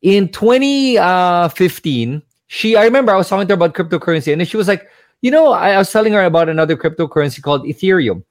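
Talking fast in a high, animated voice, this crypto-investor guest tells a story in a casual chat, voicing the dialogue himself with confident emphasis. The sound is studio-clean with no room echo.

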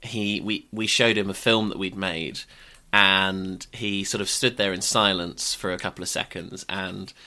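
A man's voice: deep voice, fairly even intonation, unhurried, pushed and bright. A young man co-hosting a podcast, chatting in an amused way and laughing easily. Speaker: podcast co-host. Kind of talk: casual chat.

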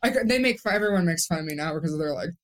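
A woman's voice: fairly low pitch, animated, rapid-fire. A young woman speaking candidly and emotionally as a guest on a podcast, rambling with restarts. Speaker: guest, stroke survivor. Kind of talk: podcast interview.

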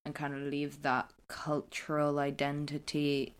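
A woman in her twenties with an English accent, co-hosting a podcast and talking in a thoughtful, measured way. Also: deep voice, completely flat delivery, clear, resonant tone. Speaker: podcast co-host. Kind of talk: casual chat.

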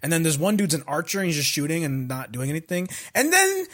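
A man with a voice pitched a bit high chats casually on a podcast, recapping an anime with crude jokes and acted-out character lines. He swears freely and keeps it loose. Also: very animated, fast talker, fairly bright tone. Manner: profane, joking, acts out characters' lines. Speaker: podcast co-host.

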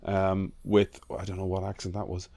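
A man's voice: low voice, completely flat delivery, normal speed, gravelly, a loud crowd. A man with an Irish accent co-hosting a podcast, telling nostalgic stories and swearing casually. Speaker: podcast co-host. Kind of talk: casual chat.

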